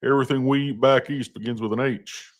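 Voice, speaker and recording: A man's voice: mid-range voice, fairly even intonation, fairly quick, voice pushed up, natural voice. A man voicing a smug, slack-jawed East Coast man with a condescending drawl.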